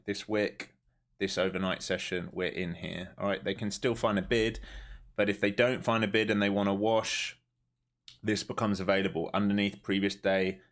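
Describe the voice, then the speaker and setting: Brief: male day-trading streamer, lowish voice, joking live commentary with the odd curse. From not from the United States. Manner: joking, swearing, thinking aloud over charts.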